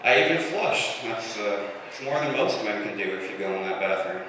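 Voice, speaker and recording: A young man in his twenties doing a deadpan stand-up set, slipping into voices for the people he quotes. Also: on the low side, normal speed, recorded from a distance. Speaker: stand-up comedian. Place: comedy club stage. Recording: roomy live club recording with room noise. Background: audience laughter.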